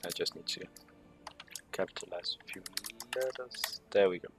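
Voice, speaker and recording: A man's voice: deep voice, normal speed, over music. A man giving casual strategy game commentary, reading menu text aloud with sarcastic, muttered asides. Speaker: gameplay commentator.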